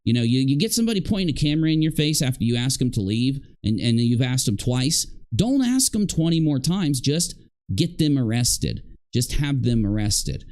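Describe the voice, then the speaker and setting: Male commentator, middle pitch, expressive and indignant, lecturing the people on screen. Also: normal speed. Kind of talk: reaction commentary on a livestream.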